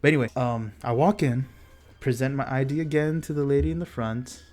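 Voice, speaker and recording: A man's voice: medium pitch, brisk, a little mellow. A young man from Texas telling a casual storytime vlog, rambling and profane with a self-mocking streak. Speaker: vlogger.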